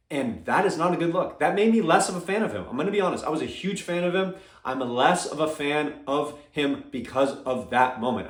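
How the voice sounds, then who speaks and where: A man's voice: medium pitch, echoey room. A man giving casual MMA opinion commentary, emphatic and keeps checking in with "all right?" and "okay?".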